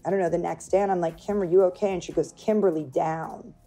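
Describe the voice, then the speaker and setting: A woman's voice: on the low side, very fast, soft background music. A woman being interviewed, telling a personal story casually and acting out what other people said. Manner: animated retelling, acting out others' lines. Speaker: interview guest.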